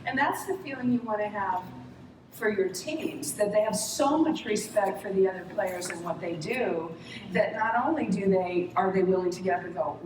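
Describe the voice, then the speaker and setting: A middle-aged woman speaks at a conference Q&A, animated and quick to laugh as she tells anecdotes. She is heard from a distance in a big, echoing hall. Noise hums underneath her voice. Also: mid-range voice. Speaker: interview guest, former talent executive. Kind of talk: conference Q&A storytelling. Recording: echoey hall, distant mic, noisy.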